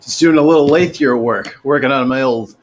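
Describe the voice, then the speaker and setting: A man's voice: medium pitch, fairly quick, noisy background. A man joking around in casual banter on a chat show. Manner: joking, wisecracking.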